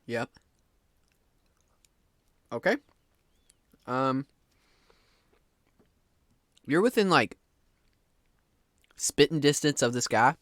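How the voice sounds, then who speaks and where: A man narrating a tabletop game as game master, in a bright voice that rises and falls freely. He talks casually and swears now and then. The sound is dry and close. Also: mid-range voice, animated, extremely slow, pauses often, no room sound.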